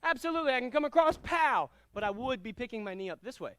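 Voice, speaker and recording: A high, smooth-voiced man runs a karate class, calling out drills, counts and commands with energy. He explains technique to his students in a clear, commanding way. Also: expressive, fast, fairly bright tone. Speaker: karate instructor. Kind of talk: martial arts class instruction.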